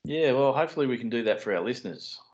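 A man who co-hosts a podcast and explains Bible passages in a measured way with dry humor. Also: medium pitch, expressive, a little mellow. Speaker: podcast co-host explaining scripture. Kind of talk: teaching Bible study podcast. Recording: dull lo-fi sound.

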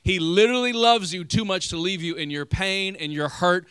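A man's voice: high-pitched, normal speed, fairly bright tone, smooth, no echo, clean studio sound. A man, a pastor, preaching a sermon energetically with sudden emphatic rises.

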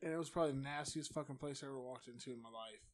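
A man co-hosting a casual chat, telling a profane, animated story. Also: mid-range voice, racing.

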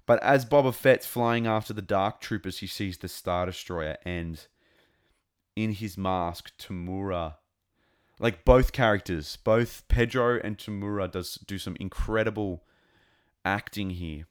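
A man giving a casual, rambling and excitable review of a TV episode. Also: on the low side, measured pace, clear, resonant tone. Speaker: show reviewer.

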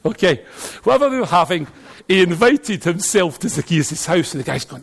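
A middle-aged man with a Glaswegian accent preaching a sermon, telling animated stories and jokes and now and then breaking into shouts. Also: high-pitched, normal speed, creaky, slightly rough.

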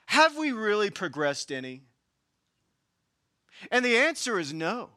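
A man with a Southern US accent preaching a sermon as pastor, passionately shifting between hushed and raised delivery. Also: high voice, big pitch swings, unhurried, pauses often, no room sound, clean studio sound.

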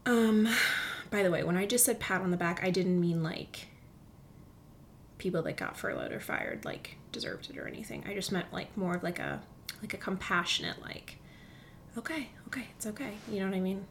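A woman hosting a casual solo podcast from a comfy chair at home, chatty and excitable, often dropping to a near whisper. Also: on the low side, moderate pace, gravelly, slight background noise. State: recovering from illness, walking with a limp. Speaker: podcast host. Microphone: studio microphone.

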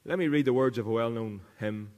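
A man's voice: medium pitch, brisk, a little mellow, long reverb tail. A man preaching a sermon as pastor, earnest, repeating key lines for emphasis. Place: church.

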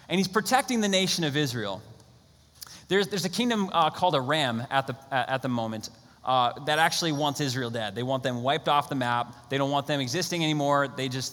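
A man preaching a sermon with a bright, forceful voice pitched a little high. He talks in a casual, energetic way and acts out the characters as he retells a story. His voice rings with the long echo of a large hall. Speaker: pastor.

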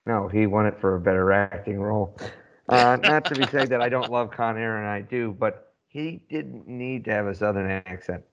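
A man with a lowish voice chatting on a podcast, dry and teasing, hedging often with fillers. The sound is a little dull and lo-fi. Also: normal speed. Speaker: podcast co-host. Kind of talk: casual chat.

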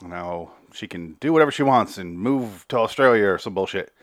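Podcast host, male, lowish voice, dry close sound, rambling and profane. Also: animated, fairly quick, no echo. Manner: rambling, profane, self-interrupting. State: slightly out of breath. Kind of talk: casual episode recap.

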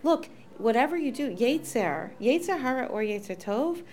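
A woman in a casual discussion tells a story animatedly, acting out the voices of the people in it. Her voice sits high and she talks at normal speed.

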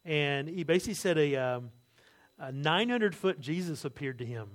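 A man preaching a sermon, telling stories with lively asides and jokes, acting out other people's words. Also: fairly high pitch, normal speed. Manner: animated storytelling, acts out quotes, asides and jokes. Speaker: pastor.

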